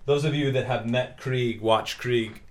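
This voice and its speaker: A man's voice: mid-range voice, fairly even intonation, a little slow, noisy background. A man narrating as dungeon master in a loose, casual way, full of filler words. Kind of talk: narrating a tabletop game.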